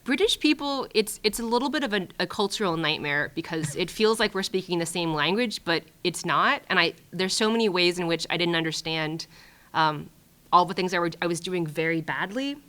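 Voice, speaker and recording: Woman, 30s, from Hawaii; guest speaker, low-ish voice, loose chatty delivery with restarts. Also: fairly quick. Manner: lively, chatty, lots of fillers and restarts. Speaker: guest playwright and screenwriter. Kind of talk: casual conversational master class talk.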